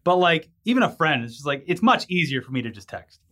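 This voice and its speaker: Casting: man co-host, fairly high voice, rambling casual delivery, quick to laugh. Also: big pitch swings, a bit bright. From California. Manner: rambling, laughs easily, reads news stories aloud. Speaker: podcast co-host. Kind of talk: casual news chat.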